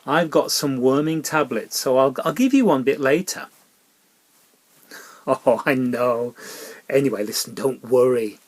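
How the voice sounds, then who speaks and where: Gentle man coaxing a puppet, hushed asides. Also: mid-range voice, animated, unhurried, pauses often. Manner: soft, coaxing and parental, with hushed whispered asides. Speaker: children's Bible talk presenter. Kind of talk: gentle children's Bible talk with a puppet.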